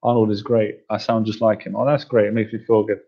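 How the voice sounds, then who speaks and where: A man's voice: fairly low pitch, little pitch movement, quick pace. A man coaching a group on dating, in a chatty, playful way with frequent laughter. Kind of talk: casual coaching talk to a group. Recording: dull lo-fi recording.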